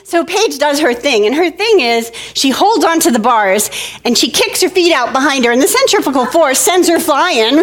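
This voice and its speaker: A woman giving a talk, telling a childhood story in an animated way and acting out the children's voices. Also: high-pitched, moderate pace. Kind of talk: storytelling presentation.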